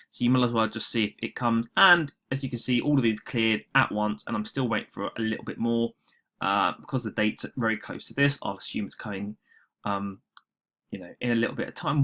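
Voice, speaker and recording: Man from the UK, mid-pitched, rambling screen walkthrough for his channel, heavy on fillers and asides. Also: fairly bright tone. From United Kingdom. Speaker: online seller and channel host. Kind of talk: casual screen-recording walkthrough.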